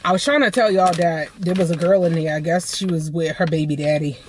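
A woman's voice: on the low side, brisk, slight background noise. A woman vlogging casually from her car into a phone, chatty and rambling, calling her viewers y'all. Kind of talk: casual vlog chat.

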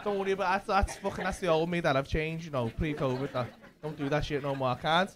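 This stand-up comedian talks fast in a slightly high voice with fairly even intonation, trading brash, sweary, teasing banter with the crowd from a club stage. Laughter and room noise fill the live recording.

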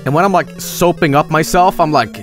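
A man streaming a game, commenting with sudden yelps, shouts and swearing. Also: on the high side, brisk, faint music behind. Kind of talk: live gameplay commentary.

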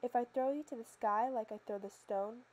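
A woman's voice: fairly high pitch, fairly even intonation, normal speed, a little mellow, close to an everyday voice, rough recording. A woman voicing a boastful, blustering male ogre while reading a storybook tale. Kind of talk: storybook narration.

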